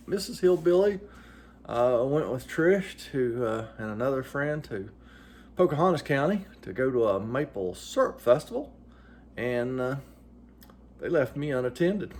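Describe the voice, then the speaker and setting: A middle-aged vlogger from West Virginia talks to his viewers casually, folksy and joking with lots of fillers. His voice is medium-pitched and a little mellow, with big pitch swings and a measured pace.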